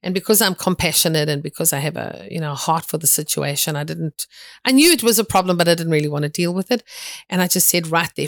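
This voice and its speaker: A woman's voice: low-pitched, fast talker, no room sound, studio quality. A middle-aged woman preaching a sermon, telling stories in an earnest way with frequent restarts.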